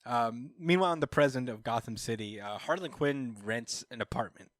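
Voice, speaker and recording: A young man hosts a podcast recapping comics, his medium-pitched voice fairly quick and fairly bright. He retells the story loosely with many fillers and laughs at his own jokes, recorded with clean studio sound and no room echo.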